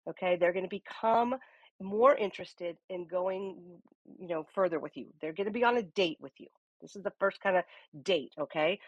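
Energetic woman coach leading a live audio room, dry close-mic voice. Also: medium pitch, no room sound. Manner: lively, uses many rhetorical "okay?" check-ins.

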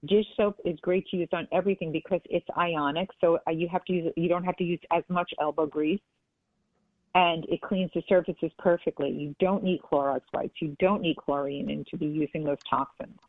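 A woman's voice: fairly low pitch, steady tone, moderate pace, dry recording. A woman guest talking casually and earnestly in an interview, often restarting her sentences. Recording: tinny phone line.

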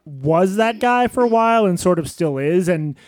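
A man's voice: high-pitched, animated, normal speed, darkish tone, no room sound. A man co-hosting a podcast live on stage, dry and wry, often reading quotes aloud. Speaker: podcast co-host.

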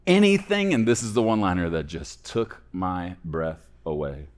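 A man preaching a sermon, rising to loud emphatic peaks and dropping to soft, hushed phrase endings. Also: deep voice, normal speed. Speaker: pastor.

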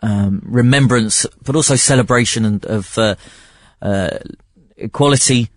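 A man's voice: medium pitch, a little slow, no echo, studio quality. A man co-hosting a casual sports podcast, joking and hesitant, full of fillers. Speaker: podcast co-host.

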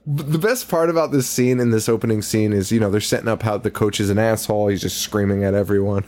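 Brief: young male podcast co-host, casual movie recap, animated, swears a lot, laughs often. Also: on the low side, fast. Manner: animated, profane, laughs often, acts out quotes.

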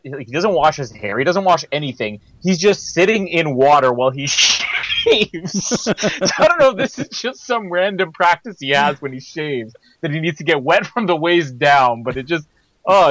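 A man's voice: mid-range voice, fairly bright tone, no room sound, poor audio. A man co-hosting a film podcast in casual chat, rambling and teasing with chuckles. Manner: teasing, rambling, chuckles through his points. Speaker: podcast co-host.

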